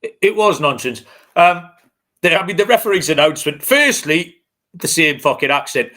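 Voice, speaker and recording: Bright-voiced, sweary man ranting. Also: on the high side, animated, normal speed. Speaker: podcast co-host. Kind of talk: casual chat.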